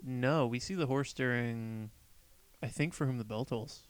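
A man's voice: medium pitch, unhurried, clean tone, dry recording. A man co-hosting a casual chat, laid-back and knowledgeable, with hesitant fillers. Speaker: podcast co-host.

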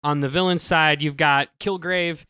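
A man's voice: on the high side, steady tone, moderate pace, sharp tone, smooth, no room sound, clean studio sound. A man co-hosting a podcast, explaining his pick enthusiastically with frequent restarts. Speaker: podcast co-host. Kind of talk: casual chat.

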